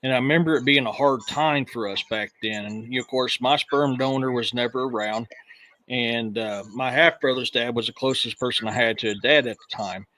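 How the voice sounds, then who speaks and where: Male podcast host, earnest and plain-spoken, bright tone. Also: medium pitch, normal speed, low-quality recording. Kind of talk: casual chat.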